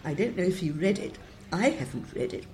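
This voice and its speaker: A woman's voice: lowish voice, lively intonation, fairly quick, a little mellow. An older woman, a translator, giving wry, discursive interview answers and quoting verse with relish.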